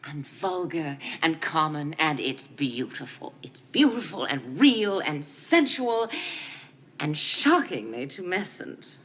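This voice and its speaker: A woman's voice: low voice, sing-song, slow, fairly bright tone, heavily acted. An actress playing an affected, theatrical rich young woman in a 1970s TV soap opera, gushing as she talks.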